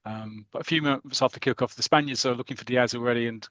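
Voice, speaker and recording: British man excitedly retelling a comic. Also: mid-range voice, fast talker, dry recording. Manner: acts out characters and calls the action like live commentary. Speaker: podcast co-host. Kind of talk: casual retelling of a comic story.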